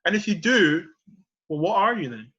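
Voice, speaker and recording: Guy on a podcast, pitch a bit up, fired up and emphatic, keeps saying you know, dull lo-fi sound. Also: sing-song, moderate pace, fairly bright tone, slightly rough. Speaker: podcast host. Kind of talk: passionate casual debate.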